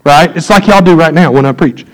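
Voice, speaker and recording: A man, preaching a sermon in a church, swinging from loud emphatic peaks to low quiet asides. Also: fairly quick, rough recording. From United States. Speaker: pastor. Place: church sanctuary.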